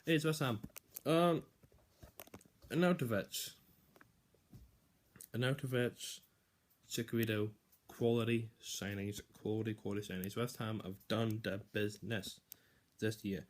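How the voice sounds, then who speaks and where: A man's voice: lowish voice, measured pace, long pauses, slight background noise. A young man casually giving football predictions, rambling, swearing and restarting sentences often.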